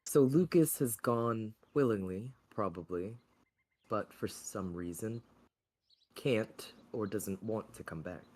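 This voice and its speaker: A man voicing a curious, shrewd halfling artificer in a tabletop role-play, thinking aloud in a measured way. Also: lowish voice, a little mellow. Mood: speculating. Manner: thoughtful, speculating.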